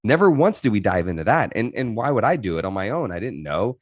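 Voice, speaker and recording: On a podcast, a guest in his thirties candidly recounts his life, reflective and earnest with frequent restarts. His voice is on the low side, sing-song and fast, captured in a dry, studio-quality recording.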